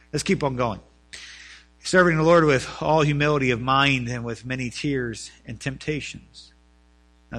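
Bright-voiced male pastor preaching. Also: mid-range voice. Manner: preaching with rising emphasis and repetition. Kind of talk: sermon.

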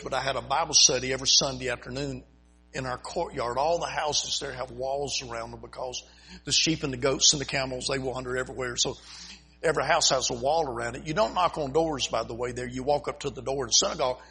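Husky-voiced missionary preacher. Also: male voice, medium pitch, fast talker, pushed and bright. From United States. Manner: folksy, humorous, chuckles at his own stories. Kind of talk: storytelling sermon. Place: church before a congregation.

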